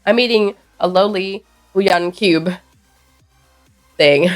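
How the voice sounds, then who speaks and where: A woman's voice: lowish voice, takes it slowly, a little mellow, faint music behind. A woman streamer chatting casually with her viewers, rambling and reacting playfully to chat messages. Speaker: live streamer.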